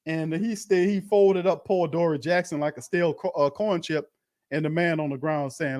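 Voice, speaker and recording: A man hosting a fan watch party, calling plays in a slangy, animated way and talking to his chat. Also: fairly high pitch, moderate pace. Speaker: fan host doing live play-by-play. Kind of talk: excited watch-party commentary.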